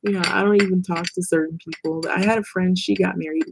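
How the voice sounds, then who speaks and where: A woman's voice: on the low side, steady tone, fast talker, gravelly, slight background noise. A middle-aged woman talking bluntly and rambling in a casual vlog monologue, swearing and laughing often. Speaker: vlogger.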